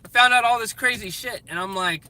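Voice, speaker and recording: A man's voice: sits high, a little fast, clean tone. A man venting in a casual vlog, swearing freely and restarting his sentences as he rants in frustration while in a car. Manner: profane, frustrated ranting with many restarts. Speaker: vlogger. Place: in a car in traffic. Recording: loud road and traffic noise.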